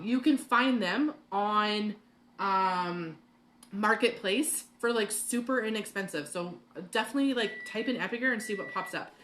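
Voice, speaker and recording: A woman's voice: medium pitch, a bit bright, slight background noise. Chatty woman hosting a home cooking class. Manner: chatty, rambling, frequent fillers and laughs. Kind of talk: live cooking demo chat. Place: home kitchen.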